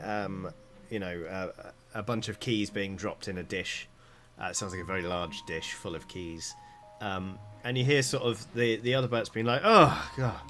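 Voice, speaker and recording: A man's voice: lowish voice, fairly bright tone. A man narrating as dungeon master, describing scenes loosely with lots of fillers. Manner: rambling, filler-heavy description. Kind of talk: narrating a tabletop game.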